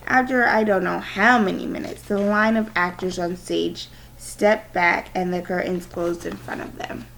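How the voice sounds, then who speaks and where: A woman's voice: mid-range voice, gravelly, fairly bright tone, slight background noise, rough recording. A woman teacher with a cold reading a novel aloud to her class, with small stumbles. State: has a cold.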